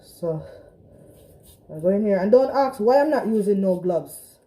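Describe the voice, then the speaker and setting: A woman's voice: medium pitch, animated, a little slow, warm tone, low-quality recording. A woman with a Trinidadian accent cooking in her home kitchen, chatting straight to her viewers in a casual vlog. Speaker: home cook vlogger. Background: frying and sizzling in a pan.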